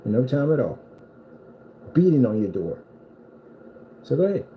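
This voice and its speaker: A man's voice: mid-range voice, sing-song, normal speed, highs cut off, a little hiss or hum. A man delivering a boastful, taunting rant at a rival screen maker, repeating himself for emphasis. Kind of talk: trash-talking rant at a rival.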